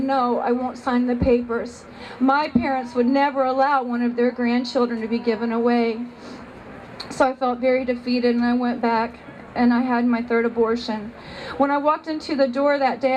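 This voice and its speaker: Woman, high voice, earnest, emotional, personal testimony speech. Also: a little mellow, a little hiss or hum, poor audio. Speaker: speaker giving a personal testimony.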